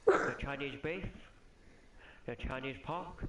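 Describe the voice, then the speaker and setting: A young man puts on a hammy takeaway owner in a homemade advert, stretching every word as he pitches his restaurant. The voice sits a bit high and rings around an echoey room. A faint hiss runs under it. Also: slow. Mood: salesy.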